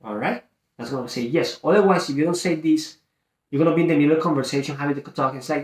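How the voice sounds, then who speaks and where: Male sales coach, higher-pitched voice, acts out both ends of calls, roomy echo. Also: fast. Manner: acts out both sides of a phone call, lively and emphatic. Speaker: real estate wholesaling coach. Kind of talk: teaching a sales call script.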